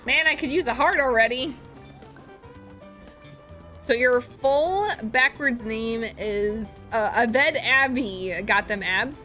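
Brief: young woman streamer, jokey gameplay commentary, bright tone, game music under. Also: a little high, slow pace. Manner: playful, jokey, talks to chat.

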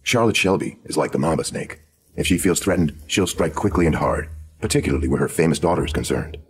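A man voicing a sharp, sardonic woman screenwriter of the 1920s in a true crime audio drama, with a dry, knowing manner. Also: a bass voice, quick pace, husky, full character voice. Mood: wry.

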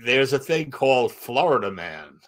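A man's voice: medium pitch, moderate pace. A man, a comedian and magician, telling stories in a casual interview and acting out the people in them. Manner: animated anecdotes with acted-out quotes and laughs.

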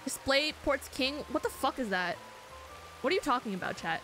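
A woman's voice: high voice, animated, normal speed, music in the background. A young woman streaming a game, reacting jumpily, swearing, shrieking and reading chat aloud. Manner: jumpy, swears a lot, frequent shrieks.

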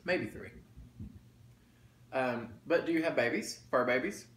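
A man's voice: mid-range voice, a little slow, fairly bright tone. A man chatting casually to viewers while eating, folksy and talkative. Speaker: mukbang vlogger. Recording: roomy echo, faint background noise.

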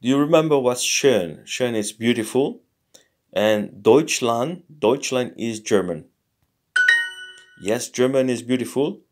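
A man teaching a casual lesson, thinking aloud in a halting way and sounding out foreign words slowly. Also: medium pitch, expressive, darkish tone. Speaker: language learner teaching a lesson. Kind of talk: casual screen-recorded lesson.

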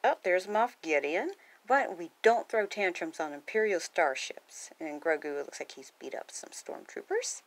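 Reading a picture book at a moderate pace, this woman with a lowish voice keeps things casual, adding chatty commentary between pages. Laughs and gasps come often, and she voices the characters with energy.

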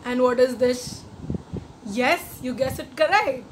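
A woman's voice: high voice, noisy background. A woman teacher with an Indian English accent, coaxing young children with questions and teaching them a nursery rhyme. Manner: slow, sing-song, coaxing questions to children.

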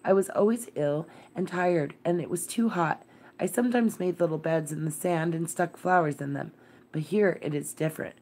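A woman's voice: lowish voice, moderate pace, darkish tone. A woman voicing a timid, thin young girl who pleads in a faltering, tremulous way. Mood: anxious.

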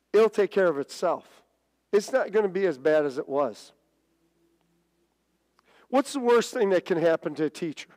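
A middle-aged male preacher with a somewhat high voice, whose sermon rings through a church sanctuary with long reverb. He tells stories full of stammered restarts, jumping up and down in pitch. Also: darkish tone. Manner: storytelling with many restarts and stammers, dramatic swings of pitch.

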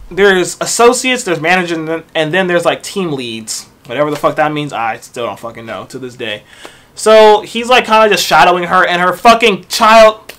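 A young man telling a work story in a casual storytime rant, profane and animated, dropping into low mutters for asides.

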